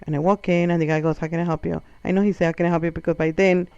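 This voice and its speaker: Very fast and smooth, his voice sits on the high side, recorded dry with a lo-fi quality. The comedian, whose first language isn't English, delivers a crude, spirited storytelling monologue and mimics the voices of the people in it.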